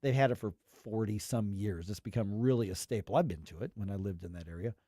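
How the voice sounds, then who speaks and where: A man's voice: fairly low pitch, quick pace, dark tone, dry recording, studio quality. A man hosting a talk radio show, giving emphatic, rambling opinions with acted quotes.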